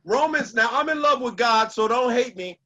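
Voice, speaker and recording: A man's voice: very high-pitched, expressive, normal speed, sharp tone, muffled recording. A man giving a motivational speech with an emphatic, preacher-like cadence and lots of repetition. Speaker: motivational speaker.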